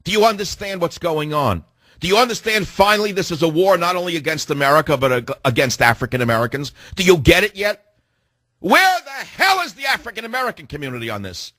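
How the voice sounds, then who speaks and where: A man's voice: high voice, big pitch swings, quick pace, pushed and bright, no room sound, studio quality. A middle-aged man hosting a talk radio show, delivering a combative monologue full of rhetorical questions aimed at his listeners.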